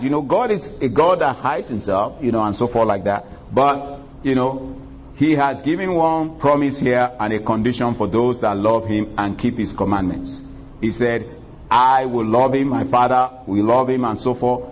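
Man preaching a sermon, drawn-out praise. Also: mid-range voice, poor audio. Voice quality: old-fashioned scripture reading. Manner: preacherly, drawn-out calls of praise and call-and-response. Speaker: pastor. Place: church.

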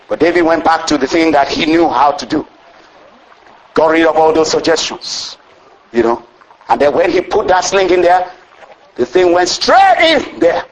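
A man preaching a storytelling sermon, animated, breaking into exclamations and chuckles as he retells the story. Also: on the high side, normal speed, pauses often, low-quality recording.

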